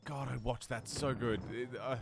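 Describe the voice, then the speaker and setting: An Australian man co-hosting a casual let's-play, easygoing, swearing and quick to laugh. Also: medium pitch, steady tone, soft background music. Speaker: co-host of a gaming channel.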